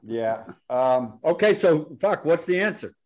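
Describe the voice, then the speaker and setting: A man's voice: fairly high pitch, expressive, measured pace, a little mellow. A middle-aged man co-hosting a casual podcast, asking long, hesitant questions. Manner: rambling, hesitant questions with many fillers. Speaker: podcast co-host.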